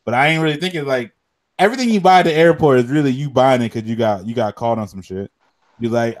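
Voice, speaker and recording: A man's voice: medium pitch, quick pace. A young man co-hosting a podcast, talking in a laid-back, slangy way and telling stories with animation. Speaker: podcast co-host. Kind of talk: casual chat.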